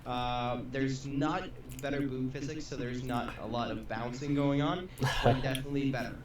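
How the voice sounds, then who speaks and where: A man's voice: mid-range voice, steady tone, crowd noise. Norwegian man on a distant, echoey mic. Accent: Norwegian-tinged English. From Norway. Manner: halting, answers viewer questions with many pauses. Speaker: co-host guest. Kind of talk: casual livestream chat. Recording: distant, roomy, noisy mic.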